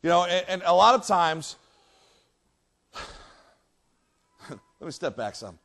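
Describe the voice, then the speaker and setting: A man preaching a sermon as pastor in a church, reading scripture aloud and acting out lines with many restarts and animated emphasis. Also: sits high, slow, vocal fry. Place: church sanctuary.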